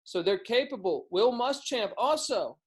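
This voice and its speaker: A man with a high voice for a man, breaking down games as a guest on a sports podcast. He talks quickly and loosely, stumbling and restarting phrases as his thoughts run ahead. He comes across as a casual, chatty analyst on a video call. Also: expressive. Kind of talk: casual sports betting talk.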